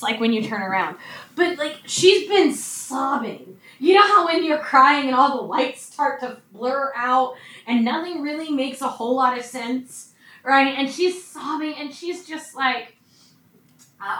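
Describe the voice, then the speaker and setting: A woman preaching a conversational sermon, often checking in with her listeners with a quick "right?". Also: high-pitched, lively intonation, pushed and bright. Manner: conversational, frequent "right?" asides. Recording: echoey room, mic at a distance.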